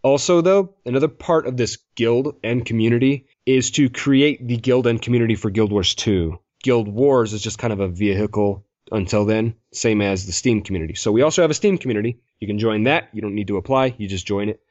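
A man's voice: fairly low pitch, a little fast, hardly any pauses, a little mellow, dry recording. Rambling, laughing male podcast host. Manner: rambling, laughs often, reads listener mail. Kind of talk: casual podcast chat. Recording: dull lo-fi podcast mic.

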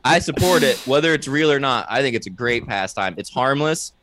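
A man's voice: mid-range voice, expressive, brisk, fairly bright tone, slight background noise. A man co-hosting a casual comedy podcast, chiming in with easygoing, agreeable remarks. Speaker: podcast co-host.

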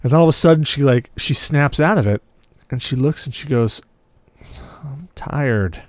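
A man's voice: medium pitch, a little fast, darkish tone, no room sound. A man telling a long story on a casual podcast, acting out the lines of the people in it as he goes. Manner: vivid storyteller who acts out quoted dialogue. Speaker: podcast co-host.

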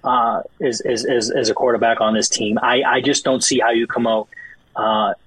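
A man in casual sports podcast chat, rambling and animated, mock-quoting people in exasperated bursts. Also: mid-range voice, normal speed, breathy edge, low-quality recording. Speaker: podcast guest.

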